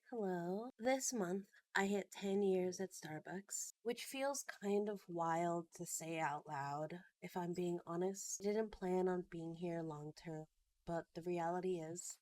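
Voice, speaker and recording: A woman's voice: on the low side, a little mellow, dry recording. A woman in her thirties talking earnestly in a personal vlog, at times choked up with emotion. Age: 30s. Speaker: vlogger.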